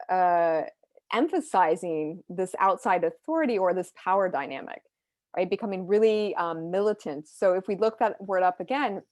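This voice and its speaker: A woman's voice: medium pitch, no room sound. A woman teacher explaining close reading in a recorded lecture, often checking in with "right?".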